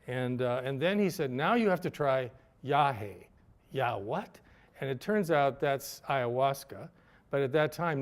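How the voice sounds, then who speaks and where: A man's voice: mid-range voice, darkish tone. Wry older man telling a story. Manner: candid, wry, laughs at himself. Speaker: speaker telling his story. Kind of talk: reflective personal storytelling.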